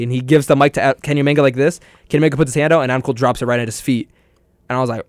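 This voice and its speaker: A man's voice: mid-range voice, racing, clear, resonant tone, dry recording, clean studio sound. A young man co-hosting a casual wrestling podcast, telling stories with lots of laughs and quoted lines. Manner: excitable storyteller, laughs often, quotes wrestlers. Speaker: podcast co-host.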